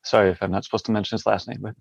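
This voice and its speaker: A man's voice: lowish voice, little pitch movement, rapid-fire, gravelly, no room sound, muffled recording. A man speaking as a podcast guest from a hospital room, reflective and hesitant, with many fillers. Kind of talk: interview conversation.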